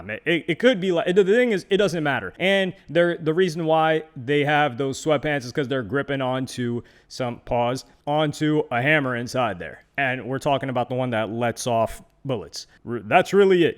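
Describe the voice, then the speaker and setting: A man narrating a celebrity commentary video in a loose, conversational way. His voice sits a little high for a man. He sounds skeptical and drops casual slang asides. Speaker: commentary channel host.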